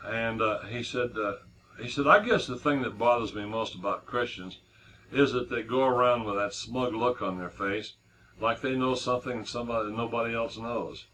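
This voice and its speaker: A man's voice: medium pitch, normal speed, pushed and bright, slight background noise, rough recording. A middle-aged man preaching a sermon in a conversational way, with many restarts and repeated words as he tells a story.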